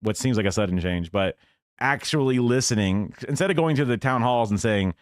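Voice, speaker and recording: A man's voice: medium pitch, expressive, brisk, clean tone, no room sound, studio quality. A man streaming live and reacting to news clips in a casual, rambling, sarcastic way, with swearing and mocking quotes.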